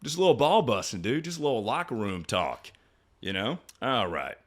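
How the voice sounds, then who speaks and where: A man's voice: mid-range voice, big pitch swings, normal speed. A young man streaming, answering chat questions in crude, joking banter with frequent laughs and trailing restarts. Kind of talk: casual livestream chat.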